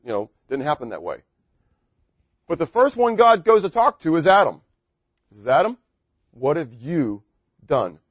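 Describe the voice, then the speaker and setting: A middle-aged male pastor giving a sermon with a slightly high voice, joking and chatty, firing rhetorical questions at his listeners. The sound is dry and a little dull. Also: dry recording.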